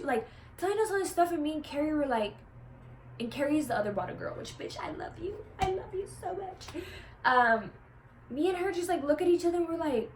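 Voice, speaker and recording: A young woman with a slightly high voice chats straight to camera, swearing freely and filling her talk with "like." When she quotes other people, she puts on lively little voices for them. A faint hum sits behind her voice. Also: fast talker. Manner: chatty, peppered with "like" and swearing. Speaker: vlogger. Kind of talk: casual storytelling to camera.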